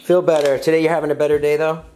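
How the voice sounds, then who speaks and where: A man hosting a casual vlog, joking around in a playful, loud, mock-dramatic way. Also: a little high, flat delivery, rapid-fire, background noise. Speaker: vlogger host.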